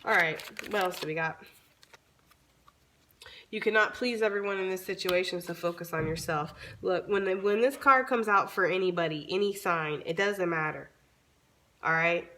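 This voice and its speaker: A woman doing a casual tarot reading for her viewers, chatty and informal, swearing freely, her voice a little raspy from long talking. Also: lowish voice, normal speed, sharp tone, slight background noise. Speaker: tarot reader.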